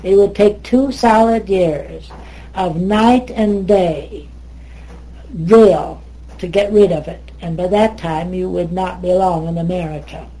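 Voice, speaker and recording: A woman's voice: lowish voice, slow pace, warm tone, poor audio. An older woman voicing a haughty English speech teacher in a retold story, cutting and proper. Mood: advising.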